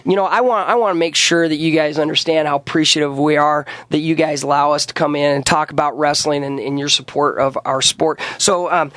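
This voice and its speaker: A man's voice: on the high side, fairly even intonation, fairly quick, hardly any pauses, fairly bright tone, no room sound. A middle-aged man, a wrestling coach, talking casually and earnestly in a radio studio interview, often restarting and repeating himself.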